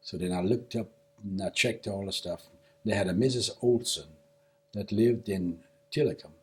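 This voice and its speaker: An older man being interviewed for an oral history, recounting his past in a casual, animated way and acting out the dialogue. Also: fairly low pitch, breathy edge. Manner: animated storyteller who acts out quoted dialogue. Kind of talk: casual spoken recollection.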